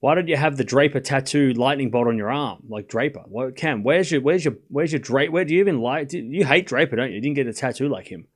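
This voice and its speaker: A man's voice: mid-range voice, fast talker, hardly any pauses, lightly acted. A man putting on the voice of a nagging tennis fan who fires off whiny, accusing questions.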